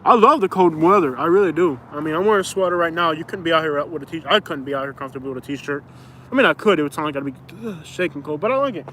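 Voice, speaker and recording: Brief: man hosting a rambling outdoor live chat, slightly higher voice, faint traffic hum. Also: quick pace, fairly bright tone. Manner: rambling, chatty, reads viewer comments aloud. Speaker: livestream host. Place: outdoors in a suburb.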